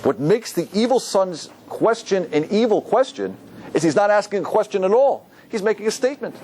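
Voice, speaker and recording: A man's voice: sits high, fairly quick, a little hiss or hum. A man, a rabbi, teaching a Torah class and asking his listeners questions. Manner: animated, asks the audience questions.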